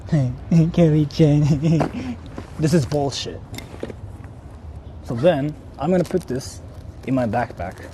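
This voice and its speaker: A man's voice: a little high, animated, slow, pauses often, warm tone, a little hiss or hum. A young man vlogging outdoors, talking casually with lots of swearing, laughing and repeating himself. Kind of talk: casual IRL vlog. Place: outdoors in a city.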